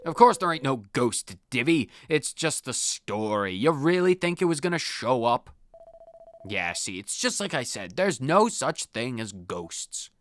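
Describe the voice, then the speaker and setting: A man's voice: medium pitch, big pitch swings, a little slow, fairly bright tone. A man doing a brash schoolboy bully. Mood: scoffing. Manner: blustering, taunting.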